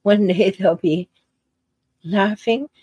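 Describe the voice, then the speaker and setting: A woman talks through relationship advice slowly and deliberately, pausing between phrases and stressing key words. Her voice is mellow and a little husky. The recording is close and dry, with no room sound. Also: mid-range voice, dry recording, poor audio. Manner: earnest, emphatic, repeats key phrases; unhurried with deliberate pauses. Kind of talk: solo advice talk.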